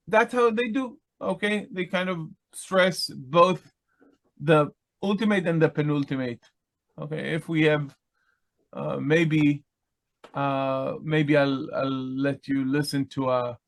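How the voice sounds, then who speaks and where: A man teaching a biblical Hebrew lesson over a video call, his voice sitting a little high for a man. He talks slowly and haltingly, with many fillers and restarts as he works through the text. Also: a bit bright. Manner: chants Hebrew text quickly.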